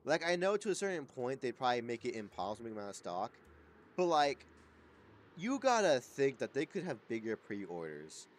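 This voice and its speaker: Stuffy-nosed and drowsy, he streams a video game and banters with viewers, cursing nonstop. His mid-range voice has a sing-song lilt and moves at a normal speed through the casual gameplay commentary.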